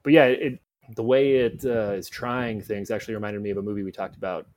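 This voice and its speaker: Male critic guest, low voice, loose rambling podcast talk. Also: fairly even intonation, brisk, darkish tone, slight background noise. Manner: rambling, lots of "like" and "uh" fillers. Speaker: film critic, guest correspondent. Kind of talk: casual podcast conversation.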